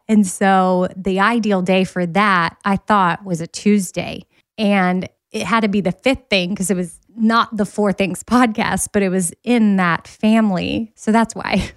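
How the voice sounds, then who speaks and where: A woman hosting a podcast, chatting casually and telling stories with quick asides. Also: mid-range voice, dry recording. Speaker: podcast host. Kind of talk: casual chat.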